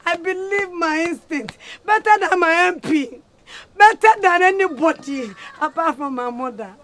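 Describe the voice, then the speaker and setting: Muni, a high-voiced, melodramatic bill-paying wife. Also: female voice, expressive, unhurried, heavily acted. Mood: suspicious. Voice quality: loud, complaining, melodramatic. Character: dramatic, suspicious woman who pays the household bills.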